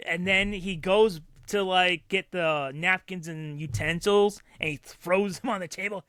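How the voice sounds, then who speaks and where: A man co-hosting a podcast, telling animated stories in casual chat and acting out the people he quotes. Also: high voice, a little slow, few pauses, no echo, clean studio sound. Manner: animated storyteller who acts out loud quoted voices. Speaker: podcast co-host.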